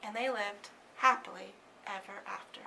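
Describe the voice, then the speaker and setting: A woman telling a fairy tale with lively delivery, sometimes dropping to a whisper for suspense. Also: medium pitch, normal speed, gravelly, a little hiss or hum. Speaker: storyteller.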